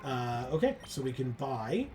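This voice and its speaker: A woman's voice: rumbling low, sing-song, a little slow, over music. A woman casually chatting and reading a video game's text aloud during a playthrough, playful in tone. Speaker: co-host of a game playthrough. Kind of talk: casual chat while playing.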